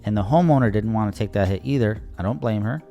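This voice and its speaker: A man's voice: on the low side, fast talker, vocal fry, mellow, soft background music. A young man, a landscaping contractor, casually telling an exasperating job story in voice-over and acting out the people he quotes. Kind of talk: voice-over narration over timelapse.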